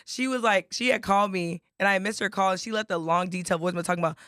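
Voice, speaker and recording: A woman co-hosting a podcast in casual chat, her voice hoarse and nearly gone, telling stories with energy. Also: medium pitch, steady tone, rapid-fire, a bit bright, no room sound, clean studio sound. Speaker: podcast co-host.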